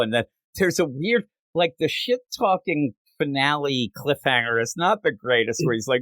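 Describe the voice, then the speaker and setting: A man hosting a comic book podcast in casual chat, animated and acting out characters in silly voices. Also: mid-range voice, normal speed, few pauses, no room sound.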